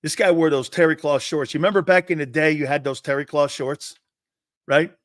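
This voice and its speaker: A middle-aged man hosting a sports talk show, a brash, loud storyteller who acts out the quotes. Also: a little high, a little fast, no room sound, clean studio sound.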